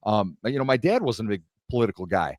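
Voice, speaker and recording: A young Los Angeles-area man co-hosts a casual podcast, speaking fast in a lowish voice as he tells animated stories and acts out the voices of people he quotes. The studio-quality recording is dry, with no room sound.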